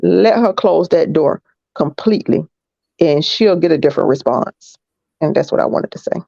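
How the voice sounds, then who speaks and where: Gravelly blunt woman, lo-fi. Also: sits low, lively intonation, normal speed, dark tone, dry recording. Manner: blunt, laughs between points. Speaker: panelist. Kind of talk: opinionated casual debate. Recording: dull lo-fi online audio.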